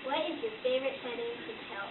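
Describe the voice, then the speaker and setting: A young third-grade girl reporter who reads her questions shyly and haltingly in a school library. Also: a little high. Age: child, third grader. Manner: shy, halting, giggly. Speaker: student reporter. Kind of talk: reading interview questions. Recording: tinny, distant, echoey and noisy.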